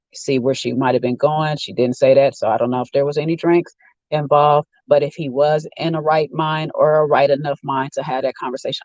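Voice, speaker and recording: A man's voice: medium pitch, darkish tone, no echo, muffled recording. A man giving a rambling, opinionated casual rant while sitting in a car. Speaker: vlogger. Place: inside a car.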